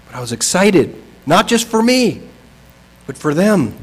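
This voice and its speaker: A man's voice: sits high, very animated, breathy edge, low-quality recording. Man preaching an emphatic sermon. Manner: swings between soft and emphatic, slows for stress; reads scripture aloud. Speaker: pastor.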